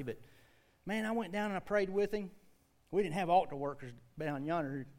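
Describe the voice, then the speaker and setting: A man in his forties with a Southern US accent, preaching a sermon and telling folksy stories with loud bursts and asides to the congregation. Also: high voice, normal speed. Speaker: pastor.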